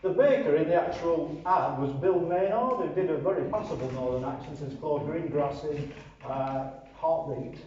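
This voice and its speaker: A man's voice: a little high, normal speed, a little mellow, slight background noise. An older man from northern England giving dry, sardonic commentary and reading his own poetry. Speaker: poet and commentator. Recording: roomy, distant, muffled mic with faint ambience.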